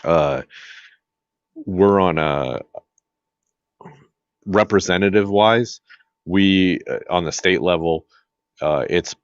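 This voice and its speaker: A man's voice: low-pitched, takes it slowly, pauses often, dry recording, lo-fi sound. A man from Massachusetts co-hosting a podcast, chatting casually about politics and rambling with many fillers and restarts. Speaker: podcast co-host.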